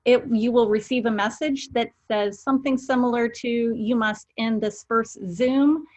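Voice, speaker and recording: A woman co-running a video call, giving steady step-by-step instructions. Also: on the high side, a little slow. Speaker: webinar co-organizer.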